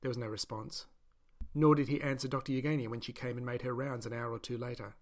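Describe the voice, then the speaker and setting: A man reading a first-person novel as an audiobook narrator, in a steady, measured way. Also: medium pitch.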